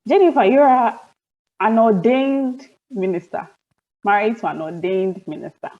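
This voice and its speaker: A woman's voice: medium pitch, a little slow, narrow, tinny audio. A woman, moderating an online panel and framing long questions for the guests. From Ghana.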